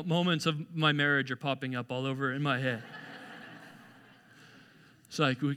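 A man's voice: fairly high pitch, pushed and bright, smooth. A man preaching a sermon in a conversational, self-deprecating way, acting out mock apologies. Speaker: pastor. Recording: long hall reverb.

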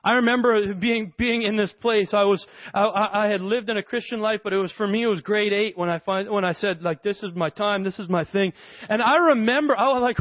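A young man preaching a sermon as a pastor, animated and conversational with playful asides. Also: sits high, a little fast, hardly any pauses, no echo. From Canada. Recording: dry, dull lo-fi sound.

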